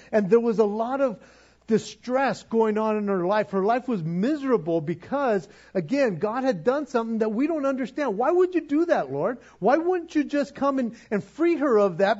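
Husky high-voiced man preaching. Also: darkish tone, dull audio. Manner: conversational, with acted-out asides and repetitions. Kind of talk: sermon.

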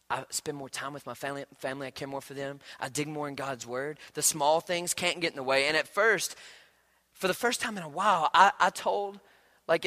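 A man in his thirties preaching a sermon as pastor, moving from hushed storytelling to loud, emphatic declarations. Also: fairly high pitch.

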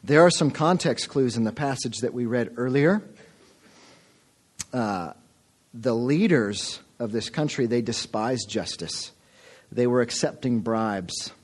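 A man's voice: mid-range voice, unhurried. A man preaching a sermon as pastor, earnest and calling his listeners folks. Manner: earnest, addresses the congregation as folks.

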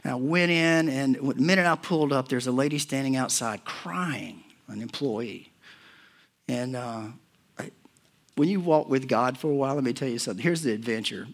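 A pastor, a man in his forties or older, preaching a sermon and telling personal stories, swinging between hushed and loud moments. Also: mid-range voice, animated, moderate pace. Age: 40s or older.

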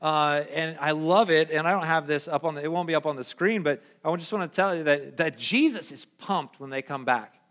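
A young adult male pastor giving a casual, conversational sermon in an animated, slangy way. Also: on the high side, brisk, hardly any pauses. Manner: animated, slangy, acts out quoted voices.

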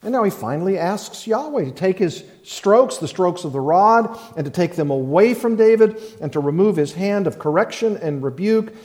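A man preaching a sermon as pastor, slow and emphatic, repeating key phrases. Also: sits high, expressive, darkish tone, long reverb tail.

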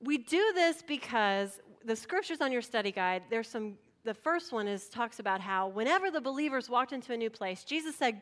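Woman pastor, middle-aged, sermon delivery, animated storyteller who acts out voices, higher-pitched. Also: normal speed, few pauses.

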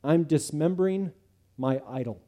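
A preacher reading an earnest, repentant tax collector. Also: male voice, on the high side, dark tone, natural voice. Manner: earnest, pleading and quick. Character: repentant male tax collector, eager and humble.

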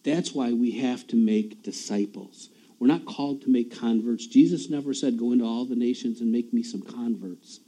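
A man's voice: medium pitch, normal speed, dark tone, poor audio. A man preaching a sermon in a church, talking in a conversational way, often repeating words and chuckling at himself.

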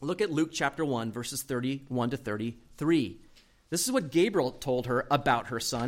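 A man's voice: medium pitch, lively intonation, normal speed. A middle-aged male pastor giving a sermon, telling a personal story with humor and acting out the people in it. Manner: humorous storytelling, acts out quoted voices.

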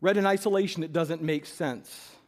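High-voiced preacher in a reverberant hall. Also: male voice, normal speed. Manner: emphatic, asks the audience rhetorical questions. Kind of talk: sermon.

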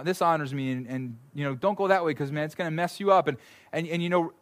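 A male pastor preaching a conversational, animated sermon, often repeating words as he goes. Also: a little high.

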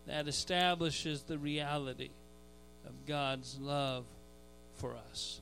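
A man preaching a verse-by-verse sermon as pastor. He rises to shouted emphasis on key phrases and sometimes repeats a word as he restarts. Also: on the high side, takes it slowly, clean tone, soft background music, poor audio. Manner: repeats words when restarting. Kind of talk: expository sermon.

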